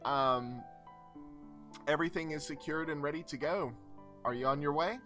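A man running a tabletop game, narrating the scene in a relaxed, halting way with many fillers. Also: on the high side, faint music behind. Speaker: game master.

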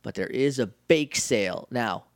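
A man's voice: mid-range voice, expressive, measured pace, vocal fry, no room sound. Guy on a podcast goofing through an episode recap, doing the characters' lines, dead dry room. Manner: jokey, acts out characters' lines. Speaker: podcast co-host. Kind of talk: casual chat recapping a TV episode.

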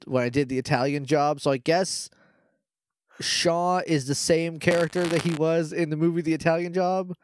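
A man's voice: a little high, fairly even intonation, no echo. Man rambling through a movie recap. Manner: rambling, jokey, acts out film lines in quick quoted voices. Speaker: podcast co-host. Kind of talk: casual movie recap chat.

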